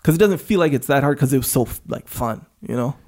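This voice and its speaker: A man's voice: medium pitch, expressive, fast, a little mellow. A man co-hosting a podcast, chatting casually in a laid-back, rambling way and tossing in "bro" and "man.". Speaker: podcast co-host. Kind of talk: casual chat.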